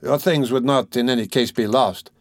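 A man voicing a calm, quietly ironic middle-aged magistrate who speaks coolly. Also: medium pitch, moderate pace, no echo, natural voice.

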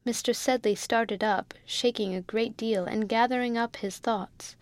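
A woman narrating a classic novel in a measured, expressive audiobook reading. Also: a little high, no room sound. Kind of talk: scripted narration.

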